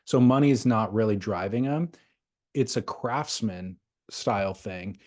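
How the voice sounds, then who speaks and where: A man's voice: on the low side, measured pace, a little mellow. Easygoing man rambling on a surf podcast. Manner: thoughtful, loose and rambling with restarts. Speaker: podcast host. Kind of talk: casual chat.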